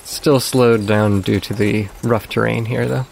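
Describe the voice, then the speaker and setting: Guy running a tabletop game, even calm narration, faint background hiss. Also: fairly low pitch, measured pace, creaky. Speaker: game master.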